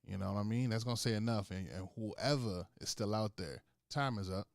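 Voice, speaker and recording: A man's voice: on the low side, fairly quick, vocal fry, no room sound, studio quality. A man co-hosting a podcast, speaking in an impassioned way and repeating phrases for emphasis. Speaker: podcast co-host. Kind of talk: casual chat.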